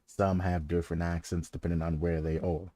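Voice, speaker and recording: Young country-accent american dude rambling on stream, deep mellow voice, clears his throat a lot. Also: level tone, brisk, no room sound, studio quality. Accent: rural American. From United States. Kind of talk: casual chat.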